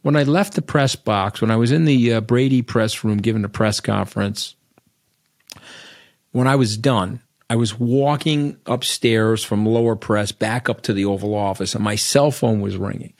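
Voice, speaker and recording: A man's voice: lowish voice, moderate pace, darkish tone, dry recording, studio quality. A middle-aged man with a Long Island New York accent, a podcast guest telling stories in a blunt, rambling way and tagging lines with "okay?". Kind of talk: casual storytelling interview.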